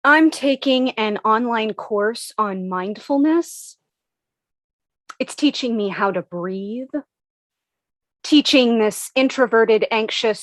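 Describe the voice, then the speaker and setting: A woman, an actor, reading a comic first-person story with a wry, expressive delivery. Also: on the high side, no echo.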